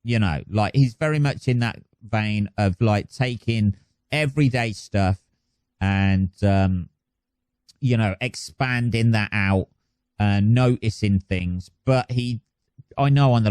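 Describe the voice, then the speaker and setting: A man's voice: fairly low pitch, darkish tone, smooth, no room sound. Rambling sweary male podcast host. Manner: rambling, sweary, self-mocking. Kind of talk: casual solo podcast chat.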